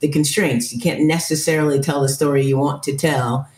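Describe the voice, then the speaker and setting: An interview host who speaks in an affirming way and asks measured questions in relaxed conversation. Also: medium pitch. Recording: roomy echo.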